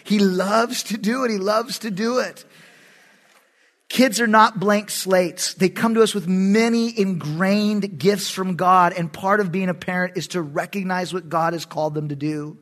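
A middle-aged man, a pastor preaching a sermon in an animated, emphatic way, with sudden loud bursts. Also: high-pitched, a little slow.

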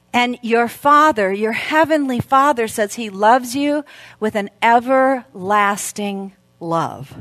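Animated woman preaching, dry sound. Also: a little high, no room sound. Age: middle-aged. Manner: animated storytelling preacher, swings from hushed to loud. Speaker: speaker at a women's Christmas event. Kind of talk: sermon.

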